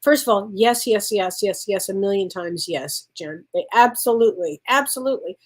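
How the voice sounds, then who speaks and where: A woman's voice: medium pitch, moderate pace. Effusive woman medium answering viewer questions. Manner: warm, effusive, laughs often, calls people honey. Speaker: spiritual medium hosting a live Q&A. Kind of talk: live-stream Q&A, reading out viewer questions.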